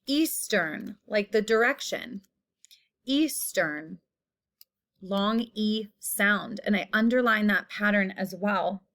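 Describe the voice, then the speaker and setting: A woman teacher giving a phonics lesson, saying each word slowly and repeating it while stretching the vowel sounds. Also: medium pitch, fairly even intonation, fairly bright tone.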